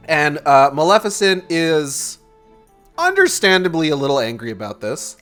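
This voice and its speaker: A man's voice: fairly high pitch, big pitch swings, moderate pace, a bit bright, soft background music. A man casually recapping a movie plot as a streamer, in a rambling way full of swearing and fillers.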